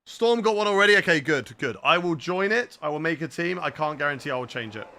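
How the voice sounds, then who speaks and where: A man's voice: fairly high pitch, animated, fast talker, pushed and bright, a little hiss or hum. A young man live-streaming a racing game, chatting casually and answering viewer questions between laps. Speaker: gaming streamer.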